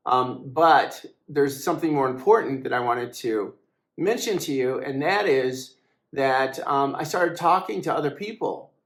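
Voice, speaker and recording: A man's voice: mid-range voice, expressive, a little slow, fairly bright tone, echoey room. A man, founder and editor of a website, talking casually and hesitantly, with many fillers and restarts, in an aggrieved, complaining way. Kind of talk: casual monologue to camera.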